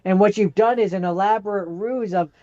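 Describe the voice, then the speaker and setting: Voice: medium pitch, fairly quick, mellow, muffled recording. A podcast co-host chatting casually and cutting in with dry, wry remarks. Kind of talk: casual chat.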